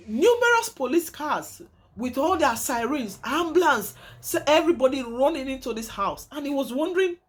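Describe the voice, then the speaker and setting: A young woman with a somewhat high voice talks straight to her viewers as she recounts a true story. She is emphatic and dramatic, repeats key phrases for weight, and keeps calling her audience "guys". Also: big pitch swings, moderate pace. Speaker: vlogger telling a true story.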